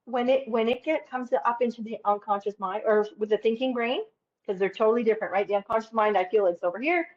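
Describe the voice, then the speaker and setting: Woman guest on a podcast, lively and emphatic, kinda muffled lo-fi audio. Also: fairly high pitch. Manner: animated, emphatic, swears casually. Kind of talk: casual interview talk.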